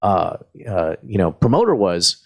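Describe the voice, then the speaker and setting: A man's voice: low-pitched, normal speed. A man, a guest comedian telling rambling, profane stories in a casual chat. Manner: profane, rambling, animated retelling. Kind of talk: casual storytelling.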